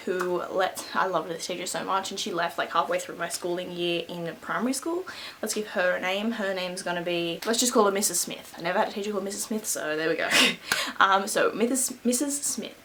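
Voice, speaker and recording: A woman's voice: mid-range voice, normal speed, a bit bright, slight background noise. Chatty young woman telling a story. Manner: chatty, rambling, laughing between asides; keeps voice down so as not to wake someone. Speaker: beauty vlogger. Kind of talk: casual storytime.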